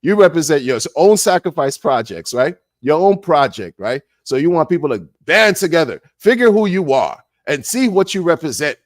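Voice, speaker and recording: Man, sarcastic casual rant, fairly high voice, dry sound. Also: normal speed, hardly any pauses, dry recording. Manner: animated, sarcastic, repeats words, laughs often. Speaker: crypto commentator. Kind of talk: casual monologue commentary.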